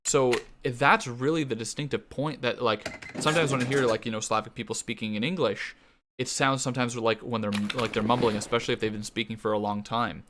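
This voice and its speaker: A man's voice: mid-range voice, fairly even intonation, brisk, background noise. A young man from Canada rambling and swearing freely while he streams a game. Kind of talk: casual gaming stream chat.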